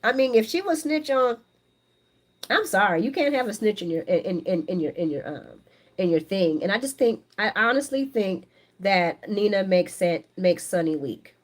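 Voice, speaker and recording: Animated, chatty woman host. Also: medium pitch, normal speed. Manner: chatty and opinionated, animated, laughs often. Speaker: soap opera recap host on a live stream. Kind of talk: casual live chat reading viewer comments.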